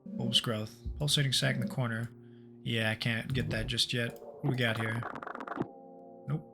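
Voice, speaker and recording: A man's voice: medium pitch, level tone, normal speed, vocal fry. A man streaming a horror game, reading its story text aloud and joking casually as he plays. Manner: casual and jokey, with swearing asides. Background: game music.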